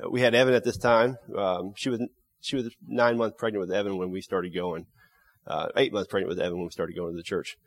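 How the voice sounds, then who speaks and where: A man giving an emotional personal testimony in an earnest, halting way, often restarting his sentences. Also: sits low, steady tone. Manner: earnest, halting storytelling with many restarts and fillers.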